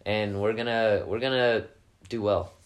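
A teenage boy, a high school quarterback, answering interview questions in an earnest, upbeat way. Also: unhurried. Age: teens. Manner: earnest and upbeat, gets animated. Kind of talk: casual interview chat.

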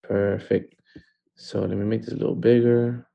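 A man's voice: lowish voice, little pitch movement, normal speed, creaky, breathy edge, muffled recording. A man hosting a live online training call from a home, talking in an upbeat way and repeating words for emphasis. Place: a home in California.

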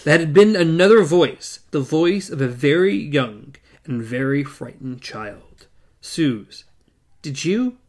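A man's voice: fairly high pitch, lively intonation, measured pace, darkish tone. A man reading a novel aloud in a casual way, with asides and self-corrections. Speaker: reader.

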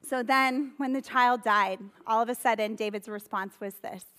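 A woman pastor delivering a sermon in a conversational, storytelling way, with lively retellings of Bible stories. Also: a little high, normal speed, long reverb tail.

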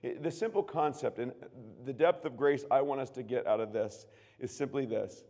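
A man preaching a sermon as pastor, earnest, moving from hushed tones to loud emphatic bursts. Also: medium pitch, moderate pace. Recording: long reverb of a large room.

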